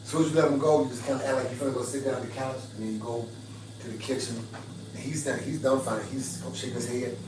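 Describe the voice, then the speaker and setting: A man's voice: medium pitch, fairly even intonation, fast, heavy background noise. A man hosting a livestream, giving advice in an emphatic, preachy way with repeated phrases and laughing asides. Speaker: livestream host. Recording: roomy, distant mic, faint ambience.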